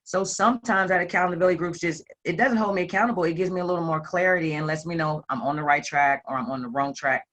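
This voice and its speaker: A self-employed woman telling a group her personal story with animated, playful delivery and acted-out quotes. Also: on the low side, quick pace, hardly any pauses. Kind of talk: candid personal testimony to a group.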